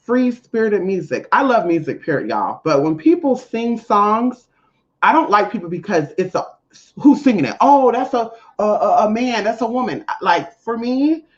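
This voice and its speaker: A spiritual reader in a casual monologue to viewers, blunt, profane and emphatic, with big swings in pitch. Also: lively intonation, moderate pace. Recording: dull lo-fi audio.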